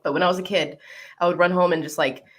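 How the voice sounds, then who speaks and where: Brief: woman from Texas, lowish voice, blunt and animated storyteller, casual stream chat. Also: fast. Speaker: guest cosplayer.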